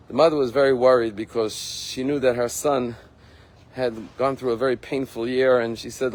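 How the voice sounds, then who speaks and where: A rabbi giving a sermon, telling a story in an earnest, emphatic way. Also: male voice, medium pitch, moderate pace, a little mellow, slight background noise, poor audio. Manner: earnest, emphatic, acts out quotes.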